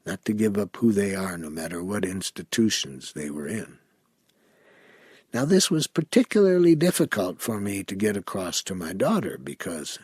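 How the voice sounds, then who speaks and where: A man teaching a workshop, telling a personal story in an unhurried, reflective way and acting out the dialogue. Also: low-pitched, breathy edge, no echo, clean studio sound. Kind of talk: anecdotal storytelling talk.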